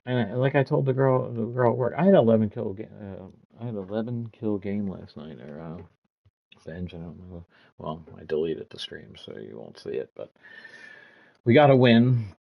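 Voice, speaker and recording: Gravelly deep-voiced man in his fifties. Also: animated, moderate pace, highs cut off. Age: 50s. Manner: ranting, swearing storyteller. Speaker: gaming streamer. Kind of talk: casual stream chat.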